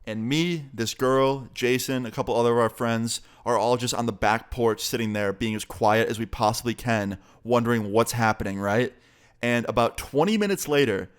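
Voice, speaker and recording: A young man in a storytime vlog, talking casually and swearing freely as he tells the story. His voice sits at an average pitch for a man. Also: clean tone. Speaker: YouTuber.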